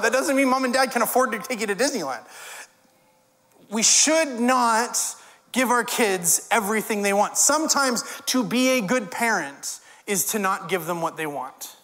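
A man's voice: very high voice, moderate pace, fairly bright tone. A male pastor preaching a sermon in a conversational way, with wry humorous asides. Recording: long hall reverb.

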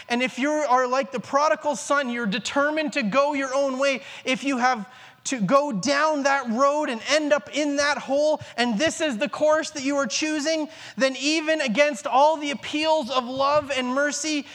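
A man's voice: very high voice, unhurried, fairly bright tone. A man in his thirties preaching a sermon, earnest, repeating key phrases for emphasis. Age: 30s. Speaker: pastor. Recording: long reverb in a large hall.

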